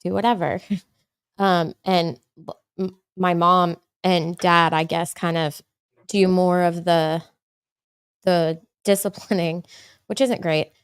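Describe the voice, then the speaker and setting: Woman host, smooth low-ish voice, dry close sound, chatty n laughing at herself. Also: flat delivery, slow, long pauses, no room sound. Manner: chatty, self-deprecating, frequent agreeing hums. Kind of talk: casual chat.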